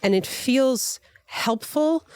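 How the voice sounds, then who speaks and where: A woman's voice: sits high, animated, slow pace, darkish tone, smooth. A middle-aged woman from Long Island hosting a podcast, talking candidly and animatedly, thinking aloud and swearing casually. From Long Island, New York. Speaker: podcast host and DJ. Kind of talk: candid conversational interview.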